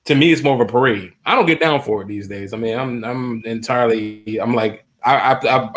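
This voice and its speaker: A male host speaking in casual interview talk, halting with many restarts. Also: medium pitch, fairly bright tone.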